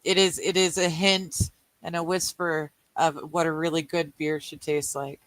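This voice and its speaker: A woman's voice: deep voice, flat delivery, moderate pace, dry recording, low-quality recording. A Canadian woman co-hosting a live game night, reading chat aloud, joking and laughing often while she plays cards. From British Columbia, Canada. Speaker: livestream co-host. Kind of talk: casual chat while playing a card game.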